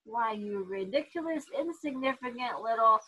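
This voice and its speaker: A woman's voice: on the high side, animated, normal speed, pushed and bright, breathy edge, heavily acted, rough recording. A woman voicing a haughty, scheming male regent with a cold, contemptuous manner. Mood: threatening.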